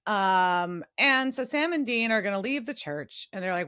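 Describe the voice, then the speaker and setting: A woman's voice: mid-range voice, sing-song, moderate pace, hardly any pauses, fairly bright tone. A woman co-hosting a podcast, loosely recapping a TV episode with casual swearing. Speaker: podcast co-host.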